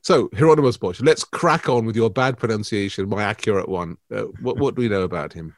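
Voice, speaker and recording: A man's voice: lowish voice, brisk, dry recording. Guy hosting an art podcast, jokey and theatrical, dry close mic. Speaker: podcast co-host. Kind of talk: casual chat.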